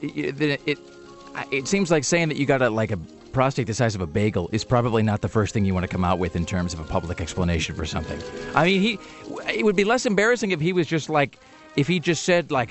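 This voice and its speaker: A man's voice: medium pitch, expressive, fast, soft background music. A man hosting a radio news show, talking in a rambling, wry way with many fillers. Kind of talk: casual radio banter.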